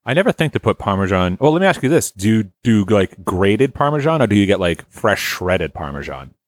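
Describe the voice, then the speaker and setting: Low-voiced man hosting a casual podcast. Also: very animated, fairly quick, no echo, studio quality. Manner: teasing, runs the segments. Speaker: podcast host. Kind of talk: casual chat.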